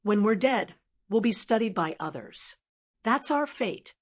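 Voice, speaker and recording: A woman voicing a calm, proud necromancer knight. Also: mid-range voice, measured pace. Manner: calm, explanatory.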